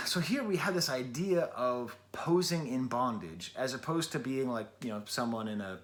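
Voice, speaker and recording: A man's voice: medium pitch, lively intonation, moderate pace, a bit bright. A man giving a casual spoken album review in a loose, chatty way, full of "like" and "sort of" fillers.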